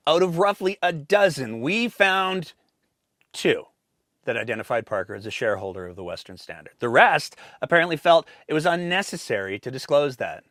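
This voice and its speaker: A man's voice: a little high, a bit bright, no room sound, clean studio sound. A man hosting a show, reading scripted political commentary in a pointed, sarcastic manner. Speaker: host.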